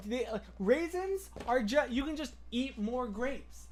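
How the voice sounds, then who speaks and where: Chatty excitable man on a livestream. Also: very high voice, measured pace, hardly any pauses. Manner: chatty and excitable, rambling between tangents. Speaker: livestream host. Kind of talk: casual livestream chat, answering viewer comments.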